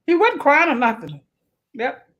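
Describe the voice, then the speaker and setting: A woman co-hosting a casual talk show, her voice on the high side for a woman. She speaks emphatically and repeats words to drive a point home. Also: wildly swooping pitch, unhurried, fairly bright tone. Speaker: co-host. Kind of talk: casual podcast chat.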